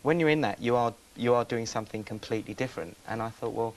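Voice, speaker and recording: A man's voice: mid-range voice, fast talker, poor audio. A man, a television guest chatting casually in a rambling, self-interrupting way. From England. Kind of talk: casual chat. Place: breakfast TV studio. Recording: faint hiss from old VHS tape.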